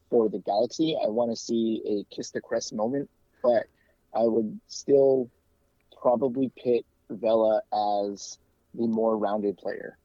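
Male podcast guest from the US, chatty and self-correcting, warm low tone, muffled lo-fi audio. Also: no echo. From United States. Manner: chatty, talks in quick bursts with frequent restarts and fillers. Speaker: guest, soccer club fan and podcast co-host. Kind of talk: casual interview.

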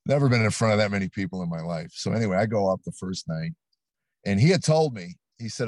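An older man, a comedian, telling stories in an interview, animated and acting out quotes. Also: low voice, quick pace, no room sound. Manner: animated storyteller, acts out quotes. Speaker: comedian guest. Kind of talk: storytelling interview. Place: studio set.

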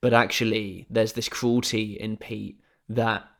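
A man's voice: lowish voice, level tone, a little slow, creaky, fairly bright tone. A man co-hosting a podcast, recapping a film's plot with wry, candid asides. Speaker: podcast co-host. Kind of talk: casual film discussion.

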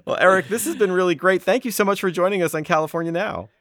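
A man's voice: high voice, fast, a bit bright, dry recording, studio quality. A man hosting an interview podcast, easygoing and encouraging, asking questions and laughing along. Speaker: podcast host.

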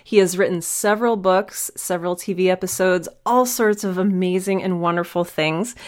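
A woman's voice: fairly low pitch, steady tone, moderate pace. A woman hosting an interview, eager and friendly, with some ums as she asks questions. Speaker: host.

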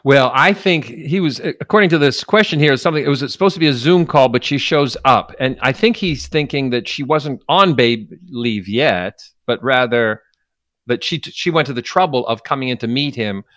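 A man's voice: mid-range voice, moderate pace, fairly bright tone, no room sound, studio quality. A man co-hosting an advice podcast, chatting casually, often restarting his sentences and chuckling. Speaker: podcast co-host.

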